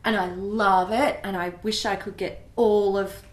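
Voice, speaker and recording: Aussie woman giving her honest take, mid pitch, roomy echo. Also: fairly even intonation, a little slow. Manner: candid, opinionated, laughs easily. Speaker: beauty co-host. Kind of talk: casual chat.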